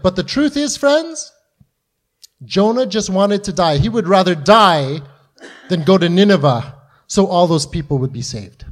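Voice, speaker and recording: A man with a high voice preaching to his congregation. He talks earnestly and acts out the quoted voices in the stories he retells. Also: very animated, a little slow, pauses often. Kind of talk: sermon.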